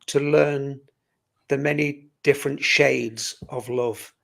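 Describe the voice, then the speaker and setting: Gravelly, earnest male guest. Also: mid-range voice, fairly even intonation, takes it slowly. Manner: earnest and reflective. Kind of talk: casual live-stream chat.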